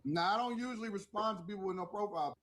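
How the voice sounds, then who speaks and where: A man's voice: high voice, fast talker. A man hosting a livestream show in casual chat, boastful, joking and crude as he reads messages.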